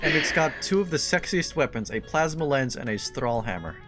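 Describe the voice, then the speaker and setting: Game-tournament caster: man, mid-pitched, wry and dry, faint music behind. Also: lively intonation, brisk, fairly bright tone. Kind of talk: live game-tournament commentary.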